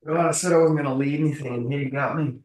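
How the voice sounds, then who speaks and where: A blunt, argumentative Scottish man pushing back during a tabletop game. His voice sits a little high and is heard from a distance in an echoey room. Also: fairly even intonation, fast, a little mellow. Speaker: tabletop player. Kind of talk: casual tabletop chat.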